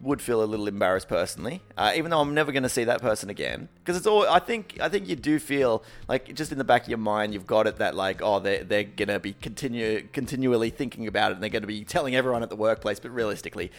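A man co-hosting a podcast, teasing and self-mocking in casual banter, with halting restarts. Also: lowish voice, soft background music. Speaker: podcast co-host.

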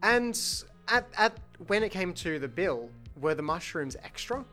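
A man's voice: high voice, sing-song, a little slow, sharp tone, faint music behind. A man in casual podcast chat, giving dry, practical suggestions. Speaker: podcast co-host.

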